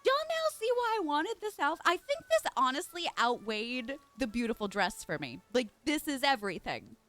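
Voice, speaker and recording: A woman's voice: high-pitched, very animated, normal speed, fairly bright tone, faint music behind. A young woman live streaming a game, chatting casually and gushing as she talks straight to her viewers. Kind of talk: casual live-stream chat while gaming.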